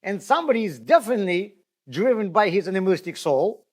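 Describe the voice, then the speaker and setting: A rabbi teaching a group, his voice sitting high for a man and swinging widely up and down. He talks to his listeners directly, tells stories and often restarts his phrases. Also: fast talker. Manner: animated, storytelling, repeats and restarts words, addresses listeners directly. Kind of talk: spoken Torah lesson.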